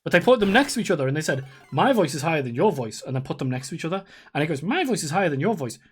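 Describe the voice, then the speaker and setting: A streamer in their thirties chats casually while gaming on a live stream, with soft music in the background. The mid-range voice is husky, animated and rapid-fire, rambling along with free swearing and frequent laughter.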